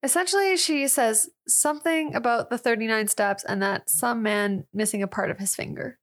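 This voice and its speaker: A woman's voice: fairly high pitch, moderate pace. A young woman co-hosting a podcast, casually recapping an old film and admitting what confused her. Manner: easygoing, candid about her confusion, recaps the plot. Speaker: podcast co-host.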